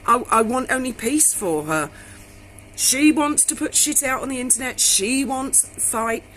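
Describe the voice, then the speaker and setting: A woman's voice: high-pitched, unhurried, slight background noise, rough recording. Blunt, swearing woman telling stories. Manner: blunt, swears freely, animated storyteller. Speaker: vlogger. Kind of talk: casual storytelling to camera.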